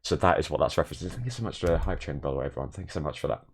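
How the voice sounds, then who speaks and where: A young man streaming from his bedroom in a shared flat, chatting casually and self-deprecatingly and thanking viewers. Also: a bass voice, rapid-fire, breathy edge. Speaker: Twitch streamer. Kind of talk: casual live stream chat.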